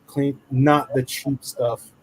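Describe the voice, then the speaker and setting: A man's voice: mid-range voice, little pitch movement, slow, a little mellow, husky, rough recording. A man with a Southern US accent co-hosting a livestream in casual chat, loose and jokey, swearing freely and calling everyone dude.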